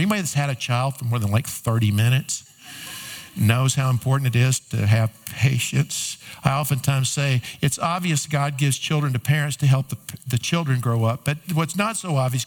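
A man's voice: medium pitch, gravelly. A middle-aged man preaching a sermon, talking conversationally and lifting his voice on emphatic questions. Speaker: pastor.

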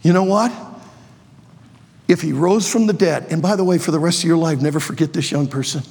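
A man in his sixties preaching an energetic sermon to students in a large auditorium, joking playfully and bursting into shouts. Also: a little high, fairly quick, gravelly, husky. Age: 60s. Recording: long reverb of a large hall.

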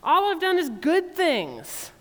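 A woman's voice: extremely high pitch, wildly swooping pitch, slow, voice pushed up, heavily acted. A woman preacher voicing God, who sounds exasperated and hurt as He pleads with His people. Recorded in a reverberant church hall. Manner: exasperated, incredulous, then gently reproachful.

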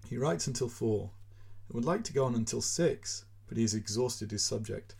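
Male podcast reader, measured expressive storytelling, gravelly fry and a breathy edge. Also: mid-range voice. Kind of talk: reading a short story aloud.

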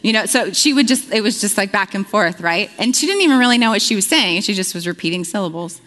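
A woman's voice: mid-range voice, animated, quick pace, a bit bright, long reverb tail. A woman preaching a conversational sermon, earnest and storytelling, with frequent fillers.

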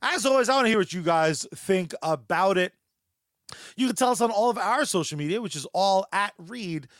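Male podcast co-host, high voice, relaxed banter and sponsor plugs. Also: normal speed, no echo, studio quality. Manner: loose, joking, fills with "uh". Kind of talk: casual podcast chat with sponsor reads.

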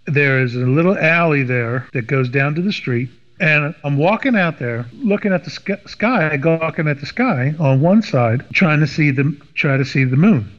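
Animated storytelling man, slightly high voice. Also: normal speed, hardly any pauses. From Washington, D.C. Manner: animated, acts out quoted voices. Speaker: podcast guest. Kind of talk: casual storytelling. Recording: dull lo-fi sound with long reverb.

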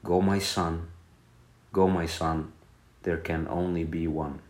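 A man voicing a calm, kindly village wise man in a bedtime story, speaking gently and without hurry. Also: low voice, slow. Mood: consoling.

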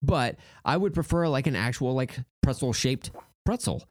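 A man in his thirties co-hosting a podcast in casual chat. His pitch swings widely as he jokes, swears and laughs. The sound is dry, with no room echo. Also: expressive, moderate pace. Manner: profane, joking, laughs often. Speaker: podcast co-host.

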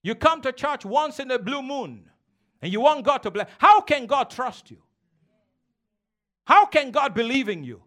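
A man's voice: extremely high pitch, big pitch swings, unhurried, long pauses, sharp tone. A man preaching a sermon as a pastor, emphatic and teasing, calling on the congregation to respond.

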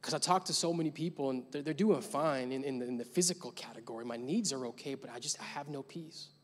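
A man's voice: mid-range voice, fast talker. Man preaching in a reverberant hall. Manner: swings from loud urgent preaching to quiet reflective talk. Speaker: pastor. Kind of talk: sermon. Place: church sanctuary. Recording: long reverb of a large worship hall.

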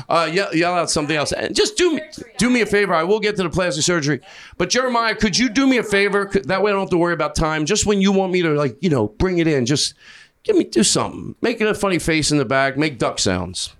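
A man doing improvised stand-up comedy on a club stage, rambling, self-mocking and profane, high on an edible. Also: big pitch swings, brisk, a bit bright.

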